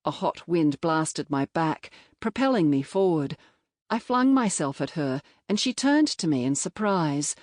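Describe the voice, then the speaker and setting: A woman narrating a novel in the first person, in a measured, reflective storytelling manner. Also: low-pitched, very animated, no echo, studio quality. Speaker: audiobook narrator. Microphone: close studio mic.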